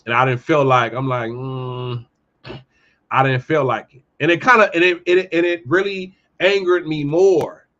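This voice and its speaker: A man hosting his own show, giving a heated, profane commentary monologue and telling animated stories. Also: on the high side, moderate pace, muffled recording. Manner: profane, ranting, animated storytelling. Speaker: podcast host.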